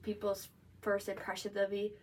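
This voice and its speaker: Young woman co-host, mid pitch, blunt defiant rant, a little distant from the mic with faint noise behind. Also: completely flat delivery, moderate pace. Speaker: podcast co-host. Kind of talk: casual chat.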